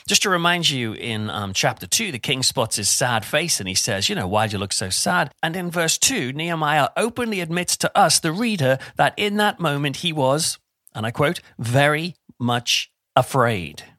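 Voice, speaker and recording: A middle-aged man giving an informal Bible talk in a chatty, animated way with self-deprecating humour. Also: fairly high pitch, normal speed, no room sound, studio quality. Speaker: preacher.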